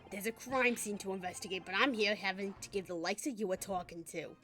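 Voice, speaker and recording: A woman's voice: mid-range voice, steady tone, fast, a bit bright, close to an everyday voice. A woman putting on a blustering English inspector. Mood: irritated. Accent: English (put-on). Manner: blustering, clipped and indignant. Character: gruff, impatient English police inspector, male, middle-aged. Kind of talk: reading game dialogue aloud on stream.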